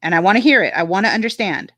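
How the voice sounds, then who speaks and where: A woman's voice: mid-range voice, lively intonation, very fast, bright, forceful tone, no room sound. Chatty woman reading a live chat. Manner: chatty, frank, reads comments aloud. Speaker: livestream co-host reading chat. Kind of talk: casual livestream chat.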